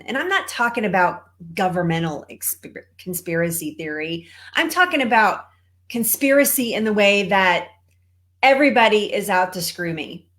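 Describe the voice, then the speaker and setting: Slow-talking Texan woman coach. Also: medium pitch, fairly bright tone. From Texas. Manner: conversational, greets viewers, laughs often. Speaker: cancer coach. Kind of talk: live-streamed motivational talk.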